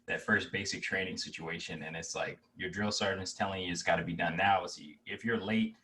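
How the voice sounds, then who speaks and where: A man in his twenties talking casually as an interview guest, relaxed and rambling, full of fillers and restarts. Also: sits low, fairly quick, far from the mic. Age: 20s.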